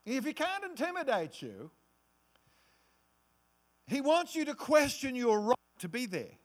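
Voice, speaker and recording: A man preaching from the pulpit with a high voice that leaps up and down. He acts out quotes with dramatic swings, sometimes dropping to a soft hush to make a point. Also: very animated, a little slow. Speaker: pastor. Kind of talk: sermon.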